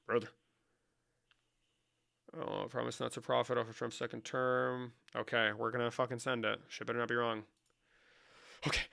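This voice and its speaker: A man's voice: mid-range voice, moderate pace, vocal fry, long pauses, sharp tone. A man rambling through a comedic vlog in a profane, mock-serious, running banter. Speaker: comedic creator. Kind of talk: comedic screen-share vlog.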